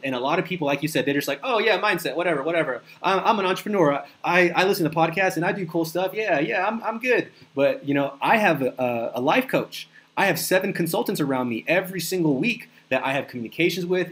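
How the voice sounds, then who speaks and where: A man hosting a casual business podcast, hyped and slangy, acting out little voices of people he mentions. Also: a little high. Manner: hype, slangy, animated impressions. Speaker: podcast host.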